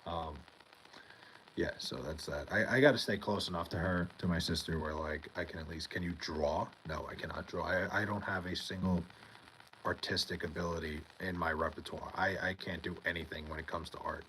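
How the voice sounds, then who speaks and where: Low-voiced young man chatting on stream. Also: fairly even intonation, normal speed, a bit bright, a little hiss or hum, rough recording. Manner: rambling, swears often, talks to chat by name. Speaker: livestream host reading chat. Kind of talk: casual livestream chat. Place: home in New York.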